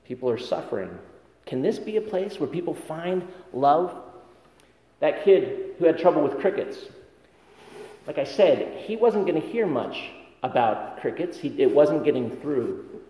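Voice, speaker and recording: Speaking a little slowly in a warm, slightly high voice, this preacher is animated as he delivers his sermon. His stories come across conversationally, laced with self-deprecating humor, and the hall around him echoes with long reverb.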